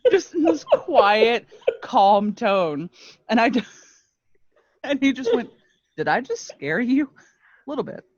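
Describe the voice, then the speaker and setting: A woman's voice: on the high side, sing-song, takes it slowly, long pauses, a little mellow, no room sound. A woman co-hosting a podcast, telling a story in a casual, self-mocking way and laughing often. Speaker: podcast co-host. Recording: muffled lo-fi dry mic.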